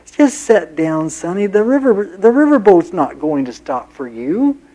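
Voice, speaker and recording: A patient old man by the river, soothing and unhurried, calming a restless child, as a preacher puts him on in a sermon story. His tone is mellow and warm. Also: high-pitched, full character voice, poor audio. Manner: gently telling a boy to sit down.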